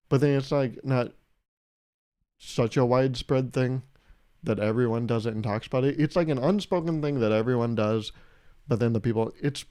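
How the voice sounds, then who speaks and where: A man's voice: mid-range voice, creaky. A man hosting his own podcast, telling comedic stories with lots of swearing and acting out both sides of conversations. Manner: animated, profane, acts out both sides of conversations. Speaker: podcast host. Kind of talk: comedic solo podcast storytelling.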